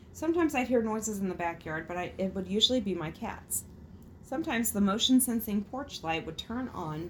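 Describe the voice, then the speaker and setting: There's slight background noise as a woman of medium pitch hosts a laid-back talk show. She reads out stories sent in by listeners, cursing openly, reacting expressively and cracking herself up.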